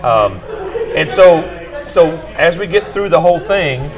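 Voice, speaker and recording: A man's voice: fairly high pitch, expressive, a little slow, rough recording. Rambling man telling a story. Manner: rambling, restarts with "what had happened was". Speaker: podcast host telling a story. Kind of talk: casual storytelling. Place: bar.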